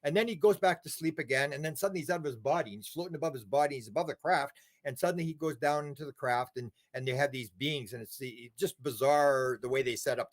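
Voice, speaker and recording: A man's voice: mid-range voice, fast, hardly any pauses. A man being interviewed, telling long rambling stories, repeating words and acting out quotes. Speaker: interview guest. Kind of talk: casual interview talk.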